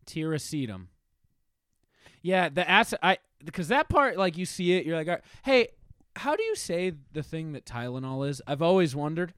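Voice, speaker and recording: A man's voice: fairly high pitch, sing-song, a bit bright, clear, resonant tone, dry recording. A man co-hosting a podcast in casual chat, joking and laughing often as he stumbles through words. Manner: jokey, laughs often, sounds out words haltingly. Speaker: podcast co-host.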